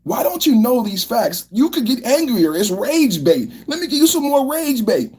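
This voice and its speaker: A man's voice: very high voice, big pitch swings, moderate pace, crowd noise. A male podcast host doing political commentary, firing off repeated rhetorical questions and often asking viewers to like the video. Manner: repetitive, fired-up rhetorical questions.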